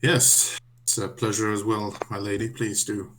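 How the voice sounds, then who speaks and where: A man's voice: on the low side, flat delivery, normal speed, fairly bright tone, a little hiss or hum, close to an everyday voice. A man voicing a polite male goliath in a tabletop game. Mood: courteous. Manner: polite and formal. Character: courteous giant male goliath.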